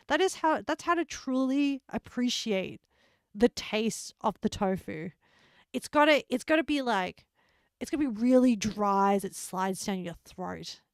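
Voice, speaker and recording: A woman with a slightly high voice streams a game and chats casually with her viewers, joking and laughing often. She's on a close desk microphone, and there's no room sound.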